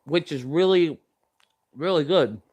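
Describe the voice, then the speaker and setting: A man's voice: on the high side, slow pace, a little mellow. A young man chatting casually while tasting snacks, rambling with many fillers and talking with his mouth full. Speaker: vlogger.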